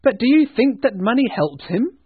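A man's voice: very high-pitched, sing-song, moderate pace, slightly rough, dry recording, voice pushed up, full character voice. A man reading the part of a cheerful, earnest young nephew in a storybook, with a raised, emphatic voice. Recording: tinny phone-like sound.

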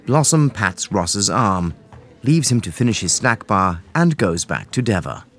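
A man narrating an audio drama in a measured, expressive way. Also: fairly low pitch. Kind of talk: scripted narration.

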